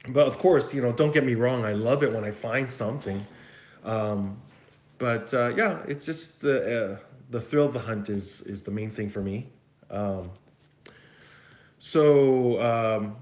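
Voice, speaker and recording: A man's voice: medium pitch, darkish tone. A man from Vancouver with a West Coast Canadian accent, answering viewer questions in a casual, rambling live chat. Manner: rambling, chatty, thinks aloud. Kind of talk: casual livestream Q&A. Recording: echoey room.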